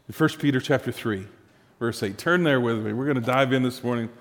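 A male pastor preaching a sermon with lively rhetorical questions to his congregation. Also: medium pitch, fairly quick, long reverb tail.

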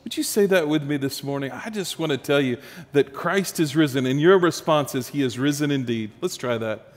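A man preaching to his congregation with a fairly high voice that rises when he presses a point and falls quiet as he lands it. His voice rings out with the long reverb of a big church hall. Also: a little fast. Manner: storytelling preacher, building emphasis then dropping soft. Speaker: pastor. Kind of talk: sermon.

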